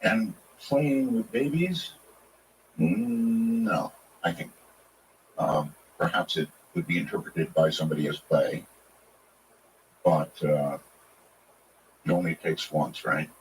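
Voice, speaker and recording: Low-voiced male radio host. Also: takes it slowly, long pauses, slight background noise, rough recording. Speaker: radio talk show host. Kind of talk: call-in radio talk.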